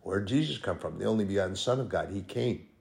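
This middle-aged man's sermon is animated and fast, his low-pitched voice creaky as he teaches from the Bible. Conversational, with fillers and self-corrections, he moves from gentle asides to loud, rising proclamations.

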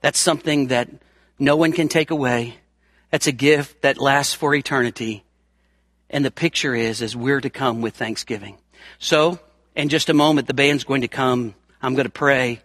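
A middle-aged man preaching a sermon as a pastor, emphatic, repeating words for stress and swinging from loud calls to quiet asides. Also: mid-range voice, steady tone, normal speed, dry recording, clean studio sound.

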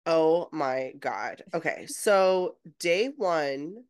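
Lower-pitched woman podcast co-host. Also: lively intonation, very slow, clean tone. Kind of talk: casual chat.

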